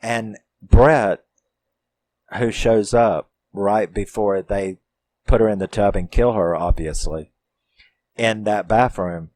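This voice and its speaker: A man casually recapping a horror movie. He speaks slowly in a low voice and swears freely. His storytelling stays animated throughout. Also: dry recording. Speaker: film reviewer.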